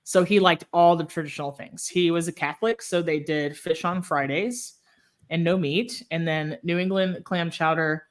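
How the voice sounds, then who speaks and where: A woman's voice: on the low side, steady tone, normal speed. A woman from Texas co-hosting a podcast, chatting casually with plenty of ums and easy laughter. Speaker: podcast co-host. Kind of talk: casual chat.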